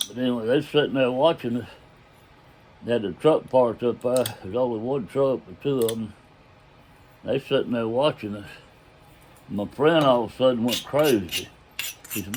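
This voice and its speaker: An older man with a medium-pitched, slightly mellow voice recounts a story from his past, folksy and casual, over slight background noise. He drawls, uses loose grammar, and chuckles along the way.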